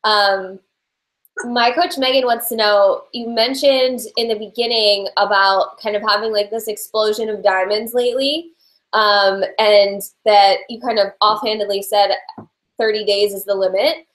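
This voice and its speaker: A woman's voice: mid-range voice, steady tone, measured pace, a bit bright. A woman hosting a team call, asking friendly questions with lots of "um". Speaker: host. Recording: echoey room sound.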